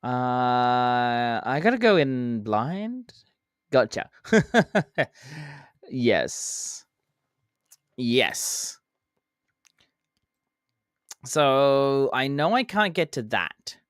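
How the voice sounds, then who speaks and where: Streamer talking to chat mid-game, bouncy up and down voice, takes it slow, goofy little sound effects. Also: medium pitch, sing-song, smooth, no echo, clean studio sound. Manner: chatty, answers chat, counts down and makes playful sound effects. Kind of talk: casual live-stream chat while playing.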